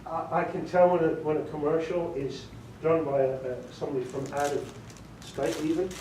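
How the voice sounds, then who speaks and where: In a meeting room with a small audience, a British audiobook director gives an informal workshop talk, chatting, joking, and quizzing the listeners. His voice is fairly high and mellow, with fairly even intonation at normal speed. The room is echoey, he's far from the mic, and there's faint noise.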